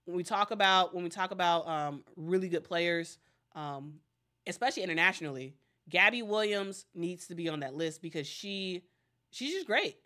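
A woman's voice: fairly low pitch, lively intonation, normal speed, bright, forceful tone. A woman hosting casual sports commentary, chatty and addressing viewers directly, often restarting her sentences.

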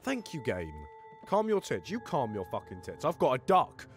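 A man's voice: a little high, a little slow, soft background music. Guy doing let's play commentary, voice jumps all over, swears loads, chatters at the game. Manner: excitable and sweary, talks to himself and the game. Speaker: gamer playing with friends.

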